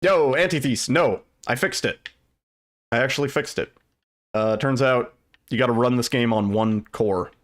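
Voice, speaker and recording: A man's voice: mid-range voice, normal speed. A man streaming a speedrun, chatting casually and rambling as he answers his chat, with some casual swearing. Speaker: livestreamer and speedrunner.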